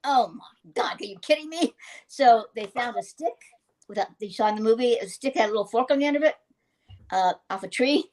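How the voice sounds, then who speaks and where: An older woman, a guest actress, telling animated anecdotes in a casual interview and laughing often. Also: a little high, a little fast.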